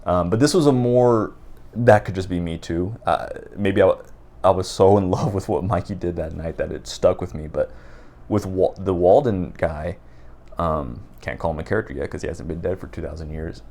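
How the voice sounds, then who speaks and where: A man talking off the top of his head in an unedited video, rambling and halting with many restarts. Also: deep voice, creaky, dark tone. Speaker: book vlogger. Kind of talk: unscripted casual talk to camera. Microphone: raw unedited recording.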